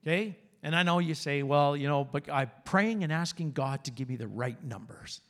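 A man's voice: fairly high pitch, normal speed, a bit bright. A man preaching a conversational sermon in a church, mixing plain talk with anecdotes. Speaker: pastor.

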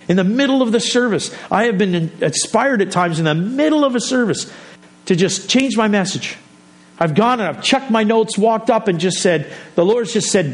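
A middle-aged male pastor with a notably high voice, preaching in a chatty, down-to-earth manner. He restarts his sentences and tosses in quick jokes before returning to his point. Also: animated. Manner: conversational, self-interrupting, jokey asides. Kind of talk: sermon.

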